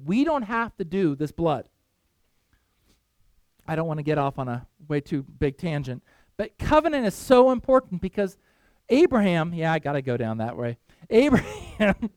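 Animated high-voiced man preaching. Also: clean tone, dry recording. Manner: animated storytelling with loose asides to the congregation. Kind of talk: sermon.

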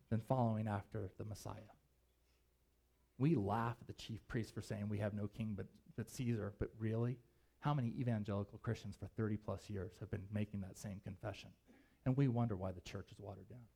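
A man preaching a sermon as pastor, emphatic and animated, with conversational asides. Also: mid-range voice.

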